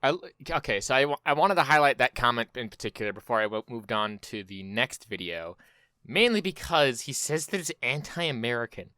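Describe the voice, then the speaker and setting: A man's voice: medium pitch, animated, a little fast, bright, forceful tone, clear, resonant tone, no room sound. A man giving casual, profane reaction commentary on a video, with sarcastic asides.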